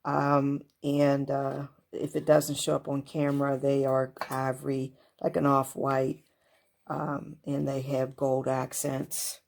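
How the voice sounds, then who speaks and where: A woman with a low voice and a gravelly fry talks through her decor at home in a relaxed, chatty way. She fills her talk with ums and little unsure asides, filming on a handheld camera that she moves in close. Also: takes it slowly. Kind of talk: casual show-and-tell walkthrough. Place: at home beside a kitchen cart. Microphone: handheld camera moved up close.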